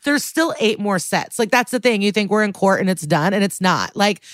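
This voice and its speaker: A woman co-hosting a podcast, recapping an episode in casual chat, animated and blunt, swearing freely with lots of likes and ums. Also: medium pitch, fairly quick, no echo. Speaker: podcast co-host.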